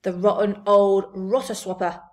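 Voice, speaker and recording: Storybook giant, male, old, kindly, jumbled grammar, high and loud; a woman reader puts him on. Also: lively intonation, measured pace. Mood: indignant. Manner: muddled grammar, warm-hearted exclamations.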